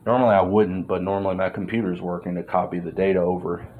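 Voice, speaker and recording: A man's voice: sits low, level tone, fast talker, narrow, tinny audio, slight background noise. A man vlogging in a meandering monologue, full of fillers and swearing. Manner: meandering, filler-heavy, profane. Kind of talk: rambling monologue.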